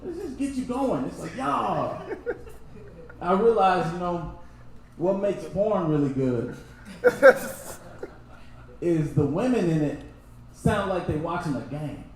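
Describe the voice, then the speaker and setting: Laughing stand-up man from Texas, echoey room. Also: high-pitched. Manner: loose, laughing, swings into loud impressions. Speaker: stand-up comedian. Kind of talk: stand-up comedy set. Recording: very echoey room, faint noise.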